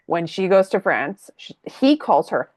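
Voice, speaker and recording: Lively Canadian woman podcast host. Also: lowish voice, unhurried, no room sound. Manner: animated, laughs often, acts out quoted voices. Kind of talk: casual chat.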